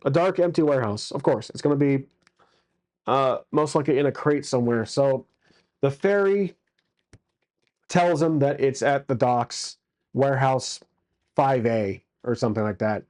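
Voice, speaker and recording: A man narrates and rolls for a solo tabletop game in a loose, rambling way. His voice is warm and mellow at a middling pitch, and it is full of fillers and crude asides. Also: moderate pace, pauses often. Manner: casual, crude jokes, many fillers.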